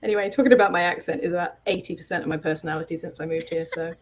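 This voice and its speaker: A woman's voice: on the low side, very fast. A woman from southeast England with a Kentish accent, chatting casually, her sentences often rising at the end. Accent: Kentish English. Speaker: artist co-host. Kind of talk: casual chat.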